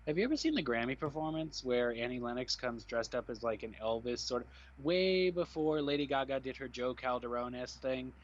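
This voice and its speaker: A man's voice: mid-range voice, lively intonation, fairly quick, few pauses, lo-fi sound. A young man chatting casually on a stream, rambling and opinionated. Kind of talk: casual chat.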